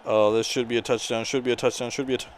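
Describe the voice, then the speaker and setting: A man giving live commentary on his own gameplay, excitable and shouting at his players during big plays. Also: medium pitch, very fast, a little hiss or hum. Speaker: gaming channel host.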